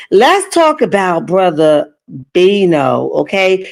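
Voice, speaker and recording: A woman's voice: on the low side, sing-song, measured pace, vocal fry. A woman hosting a gossip channel, giving sassy, chatty commentary on reality TV drama. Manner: sassy, chatty asides with "okay?" and "child".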